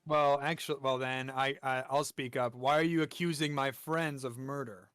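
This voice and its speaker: A man's voice: mid-range voice, fairly even intonation, a bit bright, clear, resonant tone, dry recording. Stammering man at the game table. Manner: stammering, halting starts. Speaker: tabletop player. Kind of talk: casual game chat.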